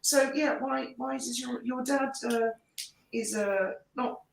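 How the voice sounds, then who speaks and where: A woman's voice: high-pitched, fairly even intonation, creaky, echoey room, slight background noise, low-quality recording. A woman co-hosting a casual live chat, teasing and questioning the others. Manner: teasing, quick to laugh, questioning.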